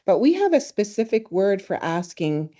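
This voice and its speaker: A woman teaching a language in a webinar, speaking warmly and reflectively, telling stories and laughing easily. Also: medium pitch, sing-song, moderate pace. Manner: warm, storytelling, laughs easily. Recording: slightly dull webinar audio.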